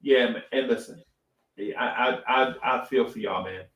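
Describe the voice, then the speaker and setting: Animated middle-aged man, echoey room. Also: medium pitch, normal speed. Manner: animated storytelling, repeats phrases, says "right?" often. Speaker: podcast co-host. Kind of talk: casual live-stream talk.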